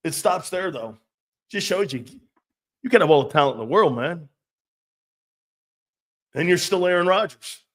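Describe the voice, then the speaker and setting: A man's voice: high-pitched, animated, moderate pace, long pauses. A man hosting a sports talk show, ranting in a blunt, profane, mocking way and laughing often. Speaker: host.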